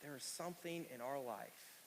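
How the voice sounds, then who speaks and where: A man preaching a sermon, emphatic and repeating phrases, slowing down to stress key words. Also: medium pitch, a little hiss or hum. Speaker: pastor. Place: church sanctuary. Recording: long reverb of a church hall.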